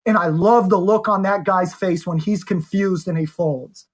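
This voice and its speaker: A man talking at a rapid, caffeinated clip as a guest on a podcast. He pushes hard with rhetorical questions and challenges, driving home each point about study and confidence. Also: high-pitched, slightly rough. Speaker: poker coach, podcast guest. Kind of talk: animated conversation.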